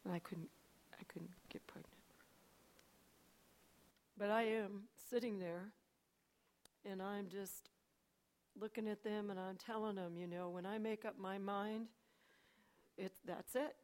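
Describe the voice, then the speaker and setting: An older woman telling her personal testimony to a church audience, swinging between hushed asides and loud, animated storytelling. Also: mid-range voice, unhurried, long pauses. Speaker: church speaker.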